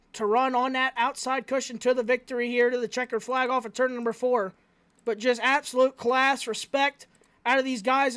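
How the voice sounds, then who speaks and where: A man announcing a live race with energetic, rapid-fire play-by-play commentary. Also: very high-pitched.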